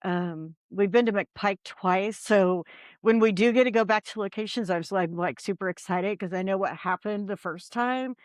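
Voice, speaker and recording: A woman's voice: mid-range voice, normal speed, dry recording, studio quality. A woman who investigates the paranormal, a podcast guest telling a story in a rambling, casual way with many ums and likes.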